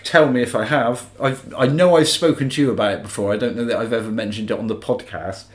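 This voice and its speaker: A man's voice: medium pitch, fast talker, echoey room. A man co-hosting a casual podcast, bantering and teasing with self-mocking asides. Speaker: podcast co-host. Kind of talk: casual chat.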